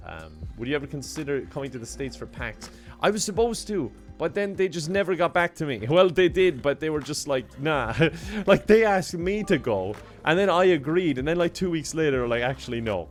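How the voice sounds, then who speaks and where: An easygoing young Irish man talks to his chat during a game stream, reading and thanking viewer messages. His voice sits at a middling pitch and he laughs easily. Faint music plays in the background. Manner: laid-back, reads out and thanks chat messages, laughs often. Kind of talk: casual live-stream chat.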